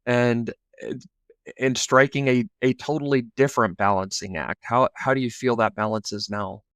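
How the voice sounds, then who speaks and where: Podcast host with a smooth voice. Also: male voice, medium pitch, steady tone, normal speed, no echo, clean studio sound. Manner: warm backchannels, upbeat reactions. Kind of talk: casual interview.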